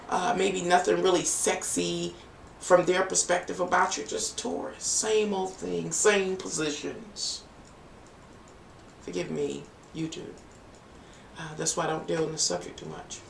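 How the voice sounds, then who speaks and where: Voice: mid-range voice, gravelly, fairly bright tone. A tarot reader giving a chatty, playful live-stream reading, with teasing asides to viewers. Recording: echoey room, distant from mic, faint noise.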